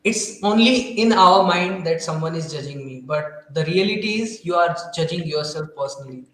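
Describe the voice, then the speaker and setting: A man's voice: fairly high pitch, lively intonation, normal speed, fairly bright tone. A man hosting a casual interview, thanking his guest, with hesitant fillers. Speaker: interview host. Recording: very echoey room.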